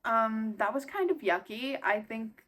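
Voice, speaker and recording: A young woman giving an excitable, casual recap of a book she is reading, full of fillers and swearing. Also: fairly high pitch, measured pace. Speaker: book vlogger.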